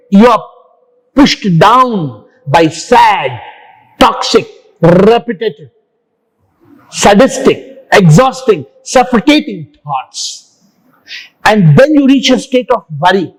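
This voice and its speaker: A man's voice: high voice, lively intonation, slow pace, long pauses, low-quality recording. A man giving a motivational talk in an interview, punchy and repetitive with word-play and acronyms. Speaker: guest speaker on the mind and life.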